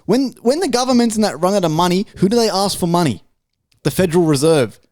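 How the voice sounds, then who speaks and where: Young aussie guy on a podcast, high voice, swearing nonstop, laughing through stories. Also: expressive, quick pace, a little mellow. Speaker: podcast co-host. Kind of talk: casual chat.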